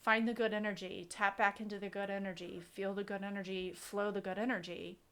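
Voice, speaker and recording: A woman's voice: medium pitch, level tone, a little fast, fairly bright tone, clean tone. A woman co-hosting a casual podcast chat, talking earnestly and repeating her key points for emphasis. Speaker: podcast co-host.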